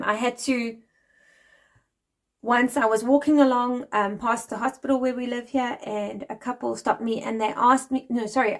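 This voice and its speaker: Chatty South African woman vlogging. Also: on the high side. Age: 40s. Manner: friendly and chatty, laughs lightly. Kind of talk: casual explanatory vlog.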